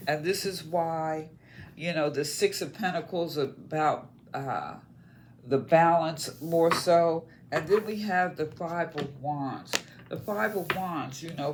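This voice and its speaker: Slow, musing tarot reader. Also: medium pitch, slight background noise. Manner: musing, checks in with listeners by asking "okay?"; talks in short loose phrases with many fillers. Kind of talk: casual spoken tarot reading.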